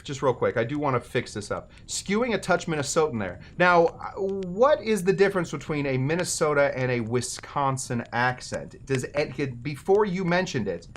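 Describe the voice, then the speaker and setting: A man's voice: on the high side, a little hiss or hum. A man hosting a cocktail show, talking casually with rambling, self-deprecating jokes and asides. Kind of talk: casual comedic how-to talk.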